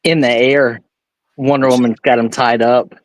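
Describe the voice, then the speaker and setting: A man of middle pitch hosts a live sale, rattling off items and drifting into easy, chatty stories. His voice is dry and close, with no room echo. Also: little pitch movement, moderate pace. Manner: chatty storyteller showing items. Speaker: host. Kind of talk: casual live-stream chat.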